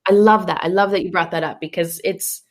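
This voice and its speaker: Chatty woman guest, low voice. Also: steady tone, a little fast. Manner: chatty, candid, laughs often. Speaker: podcast guest, founder. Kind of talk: casual podcast conversation.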